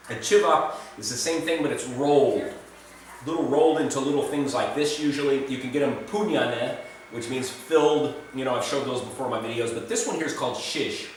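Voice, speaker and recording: A man's voice: medium pitch, far from the mic, a little hiss or hum. A man rambling casually in a food vlog, chatty and self-deprecating, recorded in an echoey room away from the mic. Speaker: food vlogger. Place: indoors in Serbia, roomy space.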